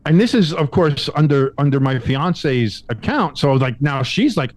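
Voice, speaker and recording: A man's voice: normal speed, hardly any pauses. A man co-hosting a sports podcast, casually telling a long story with profanity and acting out the quoted lines. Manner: animated, acts out quotes with big pitch jumps; profane, frequent restarts. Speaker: podcast co-host.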